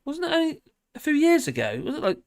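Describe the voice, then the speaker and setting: A man's voice: extremely high pitch, huge pitch swings, quick pace, vocal fry, no room sound, studio quality. A man hosting a casual livestream, reading viewer comments aloud and rambling with many fillers and restarts. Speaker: livestream host.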